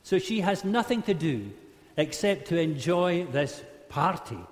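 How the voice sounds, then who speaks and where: Guy preaching, funny, does the voices, kinda high pitched, big echoey hall. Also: unhurried. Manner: humorous, animated, acts out quotes in varied voices. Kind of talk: sermon storytelling to a live group. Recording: long hall reverb.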